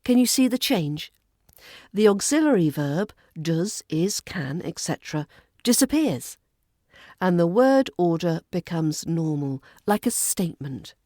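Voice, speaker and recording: A woman with a Southern English RP accent, teaching a podcast lesson on polite British grammar in a clear, measured, polite way. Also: fairly low pitch, sing-song, warm tone, no room sound, clean studio sound.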